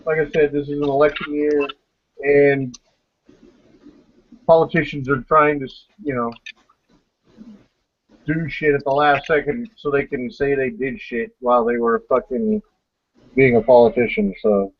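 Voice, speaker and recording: A man's voice: fairly high pitch, measured pace, vocal fry, pauses often. A man hosting a casual podcast pre-show chat over a voice call, blunt and profane, rambling as he talks. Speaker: podcast host. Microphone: online voice call. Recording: dull lo-fi voice call.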